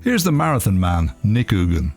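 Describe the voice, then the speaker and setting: A man presenting a radio documentary in scripted narration, linking interview clips with a wry, measured delivery. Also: lowish voice, big pitch swings, soft background music.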